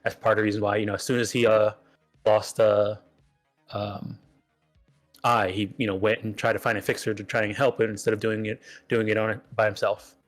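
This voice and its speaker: A man running a tabletop role-playing game as game master, talking in an easygoing, halting way with many fillers. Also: fairly low pitch, little pitch movement, faint music behind.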